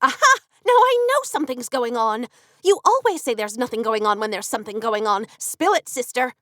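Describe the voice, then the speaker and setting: A woman reading an audiobook and voicing an excitable, melodramatic young mother, her best friend, with a higher, gushing delivery. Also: a little fast, dry recording, clean studio sound. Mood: excited.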